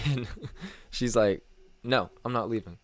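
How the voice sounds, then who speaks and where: Co-hosting a podcast, this man tells a story in casual chat, acting out the people in it and raising his voice for their quoted lines. His voice sits at medium pitch, unhurried, with no room sound.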